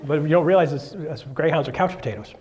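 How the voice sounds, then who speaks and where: Animated joking man telling a story. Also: on the high side, fast talker, highs cut off, slight background noise. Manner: animated, jokey storyteller acting out voices. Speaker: real estate speaker. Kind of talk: storytelling talk to a live audience.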